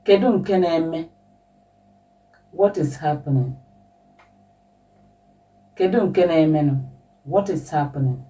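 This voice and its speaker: Slow, patient woman teaching a language. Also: low-pitched, distant mic, soft background music, poor audio. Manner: slow, patient, repeats example phrases with lively question intonation.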